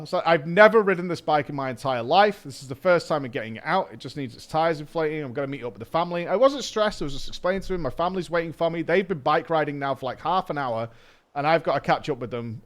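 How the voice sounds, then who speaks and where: Animated swearing man telling a story. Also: on the high side, fast. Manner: animated, swearing, mimics people in his story. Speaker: streamer host. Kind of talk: casual storytelling chat. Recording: faint music underneath.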